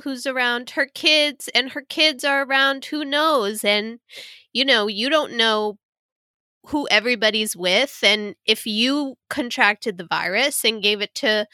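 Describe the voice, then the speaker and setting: A tearful woman co-host, talking in halting bursts full of restarts. Her voice sits a touch high and very bright. The sound is dry and close. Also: no room sound. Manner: halting, emotional, many restarts. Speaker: podcast co-host. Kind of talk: heated casual chat.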